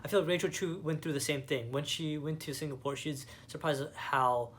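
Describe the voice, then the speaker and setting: A man's voice: on the high side, fairly even intonation, a little fast, fairly bright tone, a little hiss or hum. A young man from Canada giving a casual movie review, rambling with lots of fillers and enthusiasm. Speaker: vlogger.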